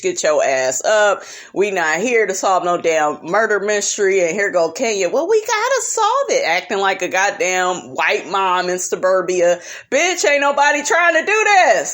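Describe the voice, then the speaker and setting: A young woman recapping reality TV in a sassy, profane, casual vlog style. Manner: sassy, profane, animated with big pitch jumps.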